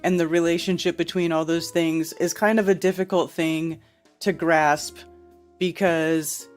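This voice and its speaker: A woman's voice: fairly low pitch, fairly even intonation, measured pace, faint music behind. A woman hosting a casual livestream, chatting and reacting with laughs as she comments on a played clip and reads out viewer comments. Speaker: livestream host.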